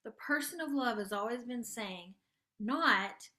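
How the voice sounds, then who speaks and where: A woman hosting a gentle spiritual coaching talk and guided meditation. She speaks soft and tender, draws her words out, and sometimes drops to a hushed near-whisper. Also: on the high side, expressive, unhurried. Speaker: host and spiritual life coach.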